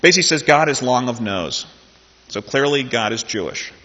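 A man's voice: medium pitch, expressive, moderate pace, sharp tone. A male pastor preaching a sermon in a conversational way, with joking asides and repeated phrases. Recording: dull lo-fi sound in a reverberant hall.

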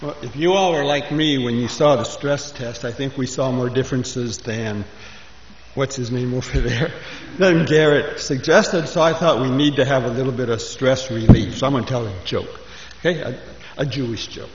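A man speaking as guest preacher, telling a joke as an animated storyteller who jumps to high voices for his characters. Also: normal speed, slight background noise. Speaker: guest speaker, ministry chaplain. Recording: echoey hall, dull lo-fi sound.

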